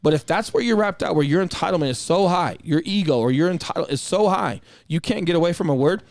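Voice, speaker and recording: A fast-talking man with a slightly raised pitch co-hosts a podcast in a casual chat style. He is blunt and direct, and he swears freely as he speaks. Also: dry recording. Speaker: podcast co-host.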